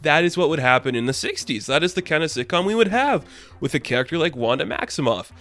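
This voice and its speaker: A man's voice: a little high, lively intonation, quick pace, fairly bright tone, faint music behind. A young man casually reviewing a TV episode, enthusiastic and rambling, with lots of filler words. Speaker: YouTube reviewer.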